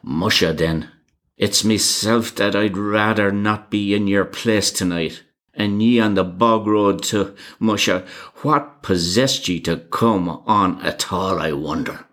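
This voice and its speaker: A man voicing a grim old male Irish car driver who speaks with a thick brogue and warns gravely. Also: lowish voice, slow pace, fairly bright tone. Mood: earnest warning.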